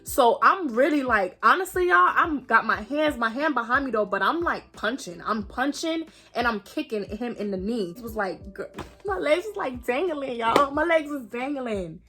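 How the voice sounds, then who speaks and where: A woman's voice: high voice, expressive, normal speed, pushed and bright, soft background music. A young woman animatedly retelling a night out, acting out quotes and swearing freely. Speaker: vlogger telling a story. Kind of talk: animated storytime.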